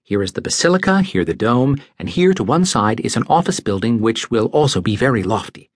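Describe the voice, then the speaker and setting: A man's voice: medium pitch, animated, brisk, no echo, clean studio sound, lightly acted. A male narrator voicing a dignified, worried middle-aged bishop who talks earnestly and a little pompously.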